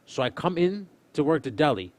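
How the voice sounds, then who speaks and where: A young man casually telling a story on a stream, swearing often and loudly acting out what people said. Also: a little high, a little fast, no room sound. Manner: animated, swearing, acts out quotes loudly. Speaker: streamer, host.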